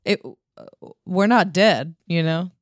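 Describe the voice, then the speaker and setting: A woman's voice: lowish voice, dry recording, clean studio sound. A woman hosting a podcast, chatting casually and teasing her co-host. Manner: teasing, quick to laugh.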